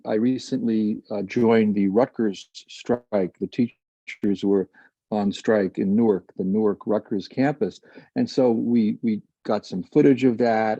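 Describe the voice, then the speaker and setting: A man's voice: fairly low pitch, dark tone, no echo, highs cut off. A man asking a question on a video call, talking in a rambling, earnest way.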